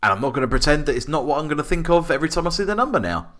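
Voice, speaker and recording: A man's voice: a little high, sing-song, rapid-fire, a bit bright. A man hosting a casual podcast, rambling through fillers and laughing often. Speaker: podcast host. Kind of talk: casual chat. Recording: noisy home podcast recording.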